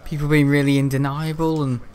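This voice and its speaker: A man's voice: a little high, flat delivery, brisk, darkish tone, smooth. A man chatting casually on a gaming livestream, rambling and grumbling between frequent laughs. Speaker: gaming live streamer. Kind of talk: casual livestream chat while playing.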